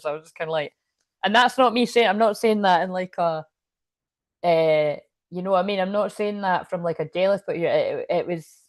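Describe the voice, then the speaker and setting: A woman's voice: fairly low pitch, no echo, studio quality. A woman, talking casually about spirituality in a rambling, frank way, swearing freely and full of fillers and restarts. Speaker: spiritual channel and tarot reader. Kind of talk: casual spiritual livestream talk.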